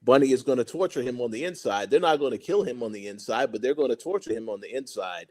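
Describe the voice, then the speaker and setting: A man's voice: mid-range voice, lively intonation, fast talker, a little mellow. A man co-hosting a casual TV recap chat, giving his reading of the plot and guessing what comes next. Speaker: podcast co-host.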